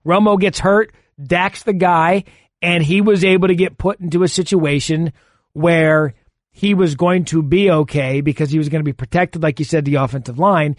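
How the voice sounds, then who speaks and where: A man's voice: a little high, fairly even intonation, normal speed, dry recording. A man co-hosting a sports radio show, arguing his points at length with analogies, speaking into a studio microphone. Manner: argumentative, builds long points with analogies. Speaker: fill-in sports radio co-host.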